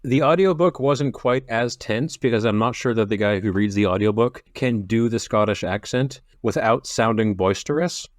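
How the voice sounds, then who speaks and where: Laid-back man with a lower voice. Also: normal speed, hardly any pauses, no room sound, clean studio sound. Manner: relaxed, laughs easily, uses 'like' often. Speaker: podcast co-host. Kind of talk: casual book-discussion chat.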